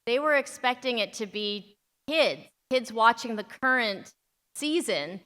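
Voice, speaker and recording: Bright-voiced tearful woman in a hall. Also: on the high side, lively intonation, unhurried. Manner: heartfelt, tearful. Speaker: panel guest, actress. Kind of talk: convention panel talk. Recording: reverberant hall with crowd.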